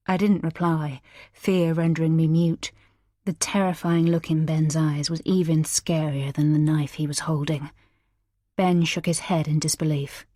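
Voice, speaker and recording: A woman's voice: deep voice, fairly even intonation, measured pace, no echo, clean studio sound. A woman narrating a first-person thriller audiobook in a tense, dramatic manner. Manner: tense, dramatic, shouting in character lines.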